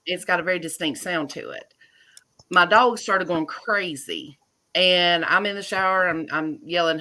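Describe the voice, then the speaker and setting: A woman, a homeowner and guest, telling her story in casual, animated talk on a video call. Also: on the low side, a little slow. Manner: chatty, animated retelling with laughs.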